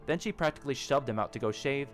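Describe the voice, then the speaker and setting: A man reads a story aloud in a steady, even voice at an ordinary middle pitch. A faint music bed sits under the narration. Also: fast talker. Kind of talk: audiobook narration of a fan story.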